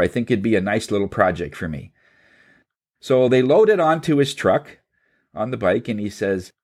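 A man telling a long anecdote in a casual, halting way, voicing the people in it, then drawing a spiritual lesson. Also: medium pitch. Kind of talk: storytelling talk with a spiritual message.

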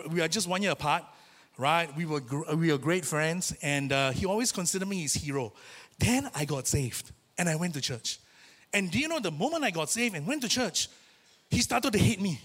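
A man preaching a sermon in a church, telling a personal story in a lively, chatty way and acting out the voices he quotes. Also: on the high side. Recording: reverberant church hall.

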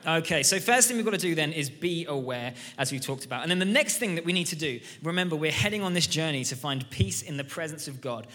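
A man's voice: fairly high pitch, lively intonation, fast talker, hardly any pauses, sharp tone. A man preaching a sermon in an enthusiastic, conversational style and telling stories from the pulpit. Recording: reverberant church hall.

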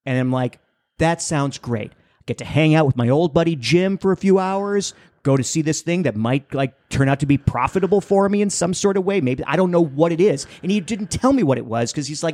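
A young man telling a long, rambling story on a casual podcast, jumping into high-pitched voices for the people in it. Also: lively intonation, brisk, a little mellow, dry recording, studio quality. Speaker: podcast co-host.

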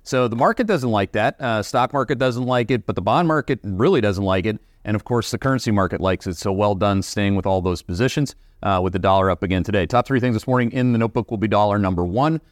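A man's voice: fairly low pitch, fast talker, hardly any pauses, dry recording, clean studio sound. A Canadian man hosting a market commentary show, talking bluntly and emphatically with many fillers. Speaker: investment show host.

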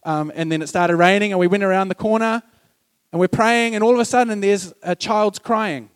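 A man with a high, light voice preaching a sermon in a conversational, storytelling way. He acts out snippets of dialogue and throws questions to the congregation. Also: brisk, clear, resonant tone.

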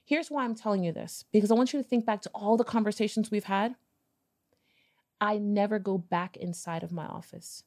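A woman guest on a podcast, telling a personal story in a casual, animated way, acting out bits of dialogue and swearing now and then. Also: mid-range voice, fairly quick. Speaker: podcast guest, business owner.

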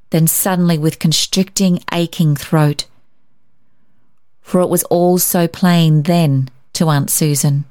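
A woman narrating a storybook in a gentle, measured, expressive manner. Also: sits low, no room sound, clean studio sound. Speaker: story reader.

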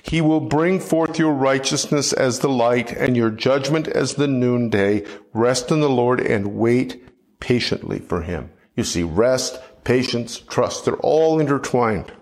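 Slow, reflective middle-aged male preacher, mid-pitched, measured sermon delivery. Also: a little mellow. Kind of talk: sermon teaching.

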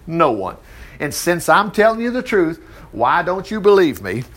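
A man preaching a sermon, reading scripture and commenting with animated exclamations. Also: a little high, moderate pace. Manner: animated, exclaiming and chuckling between verses. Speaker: preacher teaching from the Bible.

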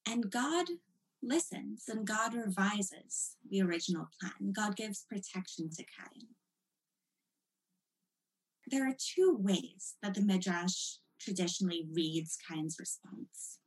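Woman teaching a text study class, lively and emphatic, walks through it like she's explaining to students. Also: mid-range voice, slow, poor audio.

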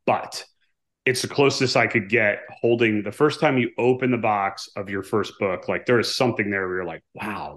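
A man's voice: lowish voice, fairly bright tone. A man in his forties, a guest author, telling a story in a casual interview, acting out quoted dialogue and often checking in with "right?". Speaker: guest, author and former navy pilot.

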